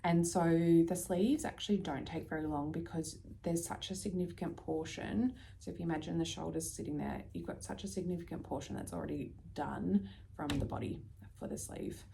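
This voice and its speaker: An Australian woman vlogging casually about her knitting, chatty and prone to dropping into soft, near-whispered asides. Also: fairly low pitch, fairly even intonation, normal speed, creaky, slight background noise. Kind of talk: casual chat.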